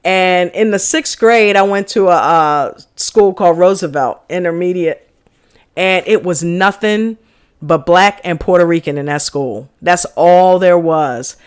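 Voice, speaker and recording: A woman's voice: lowish voice, a little slow, smooth. A woman from New Jersey co-hosting a reaction stream, talking in a loose, rambling way to her partner and live chat, with many fillers. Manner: chatty, rambling, many "you know"s. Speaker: reaction channel co-host.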